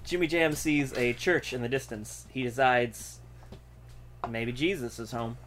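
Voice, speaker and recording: A man's voice: mid-range voice, measured pace, a bit bright, slight background noise. A man narrating an improvised comedy scene, often breaking into laughter.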